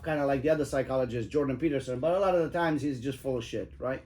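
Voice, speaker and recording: A man's voice: medium pitch, quick pace, darkish tone. A middle-aged man telling cab-driving stories in casual chat, profane and emphatic, rambling with lots of fillers.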